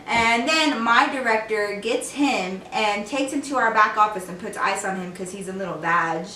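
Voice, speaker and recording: Young woman vlogging, chatty and slangy, bright voice, kinda far from the mic in an echoey room. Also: mid-range voice, moderate pace, a little hiss or hum. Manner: animated, slangy storyteller who acts out quotes. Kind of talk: casual storytelling to camera.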